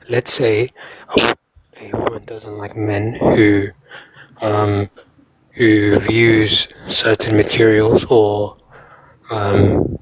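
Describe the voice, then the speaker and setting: A man calling into a live debate who mumbles quietly and hesitantly. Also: on the low side, background noise. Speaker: caller.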